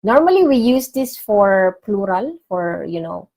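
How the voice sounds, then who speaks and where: A woman teaching vocabulary in a casual online lesson, repeating each word clearly for learners. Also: medium pitch, sing-song, a little slow, darkish tone, rough recording. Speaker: language teacher.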